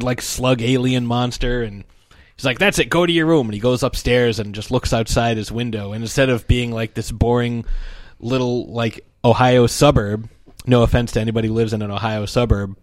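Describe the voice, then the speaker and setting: A man's voice: medium pitch, dry recording, studio quality. A man talking casually and animatedly, retelling comic strips and briefly acting out the characters' voices. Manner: animated storytelling, acts out the characters' lines.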